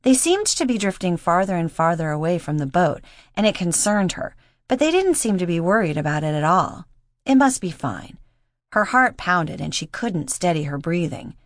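Woman, audiobook narrator, steady measured reading, lowish voice, dry close sound. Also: no room sound. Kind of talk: scripted narration.

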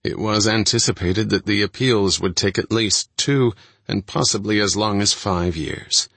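A man narrating a first-person true-crime audiobook in a steady, measured reading. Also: fairly low pitch, vocal fry, slightly rough, dry recording.

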